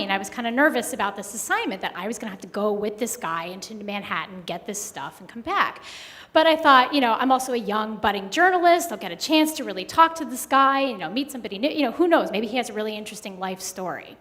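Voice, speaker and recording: A woman telling a personal story live at a story slam, conversational with many pauses and fillers. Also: a little high, animated, a bit bright. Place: live event hall. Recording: long hall reverb.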